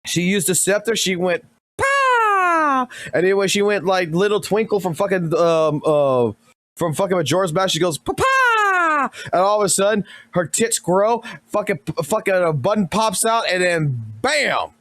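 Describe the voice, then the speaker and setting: A man streaming, giving casual reaction commentary in a rambling, profane, excitable way. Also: high-pitched, normal speed, no room sound.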